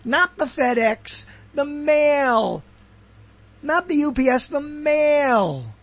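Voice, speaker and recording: A man's voice: extremely high pitch, expressive, slow, fairly bright tone. A man hosting a show, talking in a rambling, chatty monologue that keeps breaking off into asides. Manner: digressive, chatty, self-interrupting. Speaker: show host.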